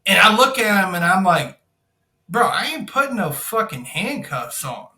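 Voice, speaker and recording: A man's voice: sits high, moderate pace, reverberant. A man telling a wild story on a podcast, swearing a lot and acting out what people said. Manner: profane, animated storytelling, acts out quotes. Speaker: podcast guest, insurance broker. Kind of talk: casual storytelling.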